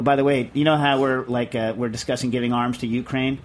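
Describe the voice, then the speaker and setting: A man hosting a podcast in casual studio chat, animated and jokey, acting out quotes as he talks. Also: mid-range voice, a little fast. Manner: animated, jokey, repeats himself and acts out quotes. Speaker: podcast host.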